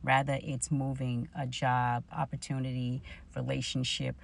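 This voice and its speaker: A woman's voice: extremely low pitch, a little slow, vocal fry, a little hiss or hum. A woman, telling a personal faith story and acting out her own past conversations. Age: 40s. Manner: storytelling, animated retelling of her own dialogue. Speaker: vlogger.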